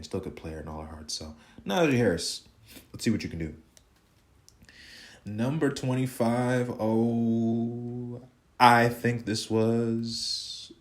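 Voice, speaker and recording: A man hosting a sports podcast, ranting casually with lots of cursing and repetition. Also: lowish voice. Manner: profane, fired-up, repeats himself.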